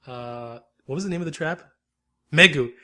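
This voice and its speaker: Animated man recapping a show. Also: a little high, normal speed. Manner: animated, rambling episode recap. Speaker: podcast co-host. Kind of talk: casual chat.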